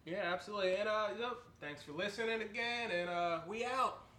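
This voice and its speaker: A man's voice: high-pitched, fairly quick, bright, forceful tone, reverberant, a little hiss or hum. A man co-hosting a casual podcast, teasing crudely and laughing often. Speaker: podcast co-host. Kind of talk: casual banter.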